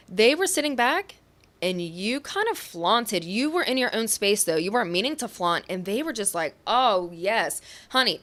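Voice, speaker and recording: A young woman talks through a pick-a-card tarot reading in a gentle, reassuring way. She sounds affectionate and shares what she senses as she goes. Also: fairly high pitch. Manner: intuitive, says what she hears or feels. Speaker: tarot reader.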